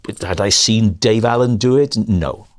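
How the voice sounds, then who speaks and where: A man's voice: fairly low pitch, a little slow. A middle-aged male comedian chatting as a podcast guest, telling rambling anecdotes and correcting himself often. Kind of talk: casual podcast chat.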